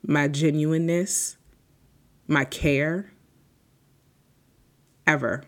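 Woman, 20s, solo podcast host, unscripted, rambling, heartfelt, grateful. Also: sits low.

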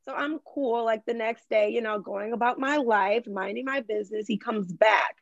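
Guesting on a podcast, a young adult social media creator from Michigan talks in a slightly high, gravelly voice. Her casual, unscripted chat is full of "like" and quick sentence restarts, captured in a dull, dry lo-fi recording without room sound.

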